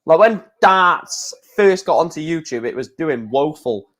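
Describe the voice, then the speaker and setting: A man's voice: a little high, expressive, unhurried, fairly bright tone. A young man hosting a casual live stream, chatting in a rambling way and often correcting himself.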